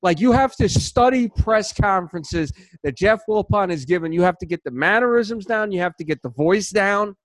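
A man hosting a sports podcast, chatting casually in an animated, rambling way full of restarts. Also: sits high, moderate pace, hardly any pauses, no echo. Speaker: podcast host.

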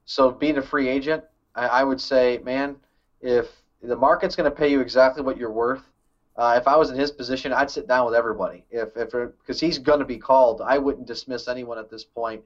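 A man's voice: mid-range voice, fairly even intonation, a little fast, lo-fi sound. A man co-hosting a casual movie podcast, thinking aloud with hesitant restarts. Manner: thoughtful, hesitant, many restarts. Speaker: podcast co-host. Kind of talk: casual movie news chat.

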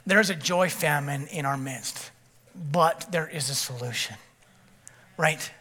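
Male pastor, sermon delivery: high, bright voice, storytelling with frequent "okay?" asides to the room. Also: takes it slowly. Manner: animated storytelling with frequent "okay?" check-ins.

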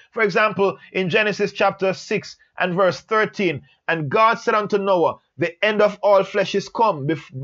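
Man, higher voice, earnest Bible teacher, slow and emphatic, slightly dull lo-fi sound. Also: a bit bright. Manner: slow, emphatic, repeats phrases for stress. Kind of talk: Bible letter study lesson.

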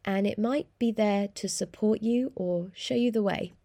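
A young woman hosting a solo podcast, chatting in an animated way and laughing often, talking from a small room. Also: mid-range voice, measured pace, no echo. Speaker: podcast host. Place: small room in hospital accommodation.

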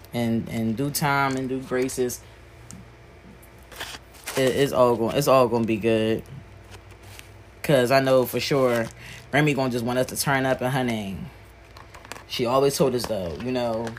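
A woman hosting her own podcast, talking casually and candidly in a rambling way, full of slang and restarts, and dropping low and soft when she talks about grief. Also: a little hiss or hum. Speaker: podcast host.

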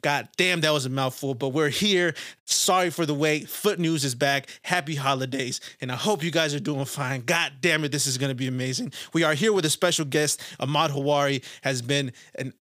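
A man hosting a casual football podcast, talking in an excited, emphatic way and swearing for emphasis. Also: a little high, moderate pace, dry recording, clean studio sound. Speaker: podcast host. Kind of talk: casual sports podcast chat.

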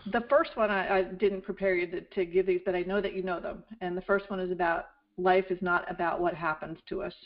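Middle-aged woman host, gentle interviewer, dull lo-fi recording. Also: lowish voice, steady tone, brisk, hardly any pauses. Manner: gentle, affirming questions. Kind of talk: interview conversation. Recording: dull lo-fi sound.

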